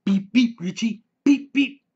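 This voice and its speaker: A man's voice: extremely high pitch, a little slow, a little mellow, husky, voice pushed up, full character voice. A man voicing a creepy, playful male killer clown in a sing-song way, on a dull lo-fi recording.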